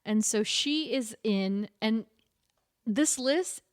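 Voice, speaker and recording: A woman co-hosting a podcast, telling stories animatedly with quick laughs. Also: fairly high pitch, no echo, studio quality. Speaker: podcast co-host. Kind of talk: casual chat.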